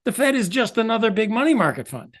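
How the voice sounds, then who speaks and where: Animated man explaining with emphatic asides. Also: high voice, fast. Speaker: economist guest. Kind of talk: explanatory interview talk.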